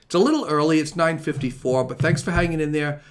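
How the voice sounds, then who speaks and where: A man's voice: fairly high pitch, quick pace. A middle-aged man hosting a casual talk show, rambling and joking as he signs off. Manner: rambling, chatty, jokey. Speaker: host.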